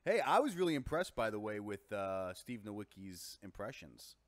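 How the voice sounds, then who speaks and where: Brief: New York man, animated co-host banter, lively pitch, dry mic. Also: normal speed, no room sound. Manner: jokey, animated, swings between loud and quiet. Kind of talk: casual chat.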